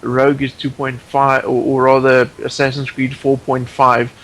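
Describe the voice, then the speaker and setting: A man's voice: medium pitch, monotone, normal speed, a bit bright, rough recording. A man guest on a podcast in casual chat, opinionated and rambling, with many restarts.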